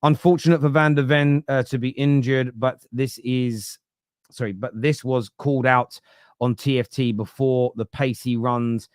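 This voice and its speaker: A young man talking football live from his room at home, loose and animated, cutting himself off and starting over. His voice sits in the middle range and sounds close and dry, with no room around it. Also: medium pitch, a little slow, clear, resonant tone, no echo. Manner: animated, laughing, self-interrupting. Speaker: football pundit. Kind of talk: live football chat reading viewer comments.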